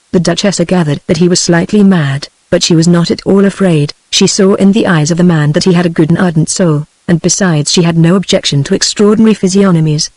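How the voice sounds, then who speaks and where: A synthetic British English woman reads an audiobook as narrator, with a smooth, machine-made evenness. The audio is completely dry, with no room around the voice. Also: fairly low pitch, fast, few pauses, no echo, low-quality recording. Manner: even synthetic reading. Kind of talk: text-to-speech audiobook reading.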